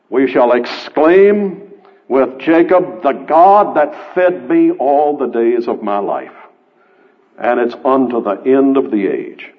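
Guy preaching a radio sermon, kinda high voice, punchy repeated lines, thin phone-like sound. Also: husky. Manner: emphatic, builds through repeated phrases. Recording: tinny radio broadcast, phone-like band.

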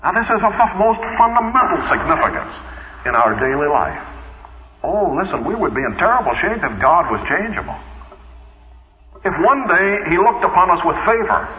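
A man's voice: high-pitched, sing-song, moderate pace. Man preaching a radio sermon in an echoey hall. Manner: conversational, uses rhetorical questions and asides. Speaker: Bible teacher. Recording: echoey hall, dull old radio broadcast.

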